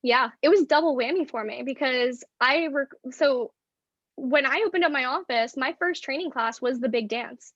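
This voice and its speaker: A woman's voice: high-pitched, moderate pace, fairly bright tone, no room sound, highs cut off. A woman in her twenties from the northeastern US, a podcast guest telling a personal story frankly, with lots of "like" fillers. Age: 20s. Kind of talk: candid storytelling in a podcast interview.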